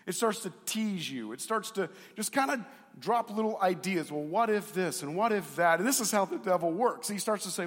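Male pastor preaching to a congregation, a touch high-pitched, lively swings in volume, chatty asides, long church reverb. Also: normal speed, few pauses. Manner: animated, swings between loud emphasis and quiet asides; conversational, asks the congregation questions. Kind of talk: sermon.

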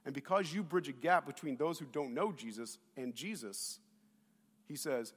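A man preaching a sermon to his congregation on a lapel mic, telling stories in an animated way and speaking straight to the people in front of him. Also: medium pitch, normal speed, slightly rough. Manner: animated storytelling, addresses the congregation directly. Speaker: pastor. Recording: long reverb of a big hall.

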